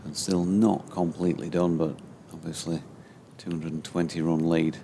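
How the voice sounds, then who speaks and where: A man's voice: deep voice, little pitch movement, moderate pace, warm tone, slight background noise. A man giving easygoing ball-by-ball cricket commentary, correcting himself as he goes.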